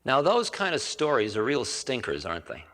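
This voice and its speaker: A man's voice: mid-range voice, wildly swooping pitch, moderate pace, bright, forceful tone. Male spiritual teacher telling stories, loose and conversational, mid-range voice, reverberant 1980 hall recording. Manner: rambling, conversational, with self-corrections and asides. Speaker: spiritual teacher giving a lecture. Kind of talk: storytelling lecture.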